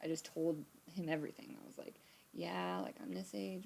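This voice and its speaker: A fairly low, creaky voice moves briskly, with a little hiss or hum audible. The speaker is a young adult woman on a live stream from her computer, casually telling an animated story, swearing freely and acting out quotes.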